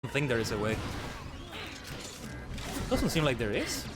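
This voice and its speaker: A man streaming and chatting casually, animated and exclaiming, often correcting himself mid-sentence. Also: medium pitch. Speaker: VTuber streamer. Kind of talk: casual stream chat and reactions.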